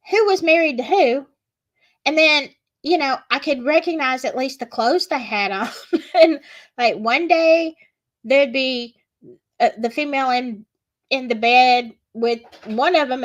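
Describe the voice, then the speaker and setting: Slow, chatty Southern woman streamer. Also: high-pitched, muffled recording. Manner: chatty, gossipy, reads chat aloud. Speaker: livestream host. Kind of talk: casual livestream chat.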